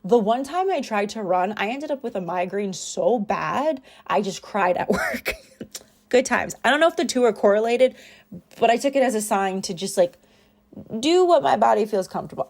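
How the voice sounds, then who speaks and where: A young woman in a rambling, chatty voiceover, recorded at home on her own mic. She talks through her week in a casual, self-deprecating way, with a voice of middling pitch. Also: lively intonation, normal speed. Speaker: planner vlogger.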